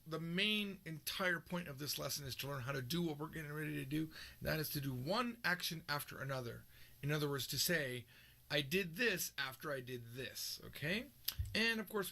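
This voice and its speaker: A man teaching a recorded language lesson, explaining with lively, joking examples. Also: on the high side. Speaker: Japanese teacher.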